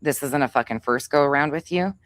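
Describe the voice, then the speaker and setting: A woman's voice: low-pitched, brisk. A woman hosting a livestream, ranting angrily and with heavy profanity, calling out another creator and reading chat names aloud. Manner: angry, profane, confrontational. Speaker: livestream host. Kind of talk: heated livestream rant.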